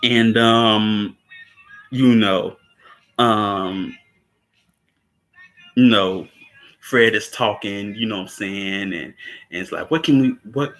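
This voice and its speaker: A man casually recapping a film scene, laughing often, repeating words and acting out quotes in a higher voice. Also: steady tone, slow pace, pauses often, fairly bright tone.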